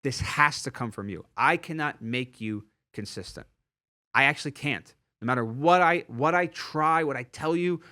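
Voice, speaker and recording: A man gives a punchy motivational talk as a sales trainer and podcast host. His voice is bright and forward, his pitch sits in the middle, and he hammers his points home by repeating them. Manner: energetic, emphatic, repeats key phrases for emphasis.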